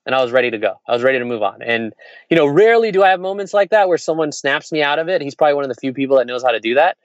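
Fast-talking candid man, lo-fi sound. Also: mid-range voice, expressive, no echo. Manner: rambling, candid, laughs while telling. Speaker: entrepreneur sharing stories. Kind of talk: casual conversation. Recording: dull, lo-fi sound.

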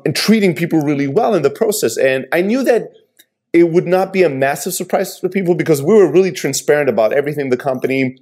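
A man's voice: on the high side, animated, fast, darkish tone. A man in his thirties hosting a conversation, an entrepreneur speaking earnestly and reflectively about hard times. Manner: earnest, reflective, candid with mild swearing. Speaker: podcast host, entrepreneur. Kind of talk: casual conversation.

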